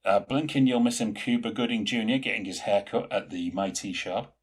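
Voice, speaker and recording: Male podcast co-host, low-pitched and husky, chatty and rambling. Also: a little fast. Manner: rambling, piles up film trivia. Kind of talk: casual chat.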